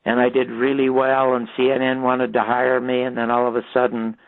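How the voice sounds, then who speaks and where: An older man, a radio guest, telling stories in an animated way and acting out the voices he quotes. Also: mid-range voice, fairly quick, no echo. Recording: tinny phone line.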